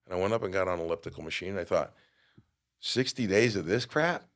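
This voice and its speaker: A middle-aged man with a somewhat low voice tells a personal story on a podcast. He acts out other people's lines and swings from quiet asides to loud outbursts. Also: quick pace. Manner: animated storyteller, acts out quotes with big jumps in loudness. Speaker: guest.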